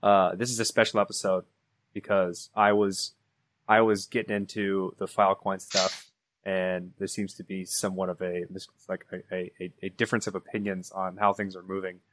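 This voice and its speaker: A man's voice: deep voice, little pitch movement, normal speed, fairly bright tone, dry recording. A man co-hosting a podcast, rambling and teasing. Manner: rambling and teasing, trails into restarts. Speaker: podcast host. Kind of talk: casual podcast chat.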